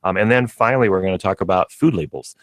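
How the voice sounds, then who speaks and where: A man's voice: low voice, quick pace, dry recording. A middle-aged man with a Midwestern American accent, a pet store guest on a radio show, talking in a friendly, informative way. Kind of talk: casual radio chat. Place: radio studio. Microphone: studio microphone.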